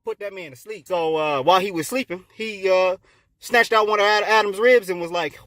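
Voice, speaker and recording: A man's voice: sits high, brisk, fairly bright tone. A man hosting a comedic retelling, narrating in laid-back slang. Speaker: host. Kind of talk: comedic storytelling.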